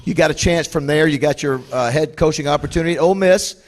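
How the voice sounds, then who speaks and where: A man's voice: a little high, quick pace. A man interviewing a guest on stage, asking loose, conversational questions with asides to the audience. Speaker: interviewer, club moderator.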